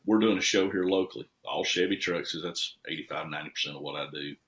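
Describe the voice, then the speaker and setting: A man's voice: extremely low pitch, fast talker, a bit bright. A middle-aged man from Tennessee, a podcast guest who rambles and repeats words as he tells stories in casual chat. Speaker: guest, restoration shop owner.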